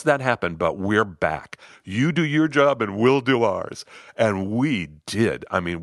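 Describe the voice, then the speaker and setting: A middle-aged man telling a personal story in an animated way, acting out the lines of other people. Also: on the low side, no room sound, clean studio sound. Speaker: host, storyteller. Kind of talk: personal story told to listeners.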